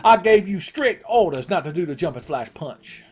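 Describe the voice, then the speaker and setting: A man's voice: high voice, expressive, moderate pace, a little mellow, voice pushed up. A man doing an impression of an angry older wrestling promoter scolding someone. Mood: furious. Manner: scolding, barking orders. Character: furious older male wrestling boss impression.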